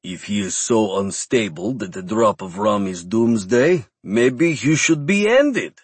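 Hulking centuries-old vampire, man reading, proud and scornful, slow clipped phrasing, dry close sound. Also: on the low side, animated, breathy edge, no echo. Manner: slow, stiff broken phrasing.

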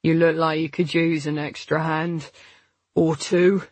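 A woman's voice: low voice, little pitch movement, measured pace, darkish tone, dry recording. A woman voicing a slurring, lecherous drunk man in an audiobook. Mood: leering.

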